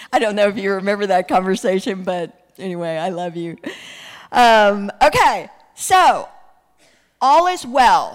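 A woman delivers a sermon with a high voice and an emphatic manner. She slows down to stretch out the key words. Her voice rings through a hall with a long reverb. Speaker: preacher.

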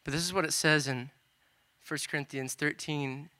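A man's voice: a little high, fairly even intonation, normal speed, pushed and bright, clean tone. A man preaching a sermon, retelling scripture in a loose, conversational way with casual asides.

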